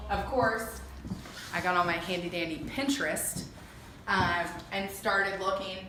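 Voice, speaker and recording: A young woman giving a casual walkthrough of her home renovation, chatty and filling pauses with lots of ums. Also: on the low side, a bit bright, a little hiss or hum. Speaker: homeowner giving a renovation tour. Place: empty house under renovation, indoors. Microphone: camera mic held by another person. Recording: echoey bare room, voice off-mic.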